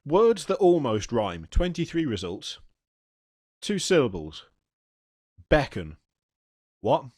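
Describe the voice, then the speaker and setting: A young man co-hosts a casual gaming podcast in a playful, teasing way. His pitch swings up and down a lot as he talks. The recording is dry and close. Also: sing-song, slow pace, a little mellow, dry recording. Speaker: podcast co-host.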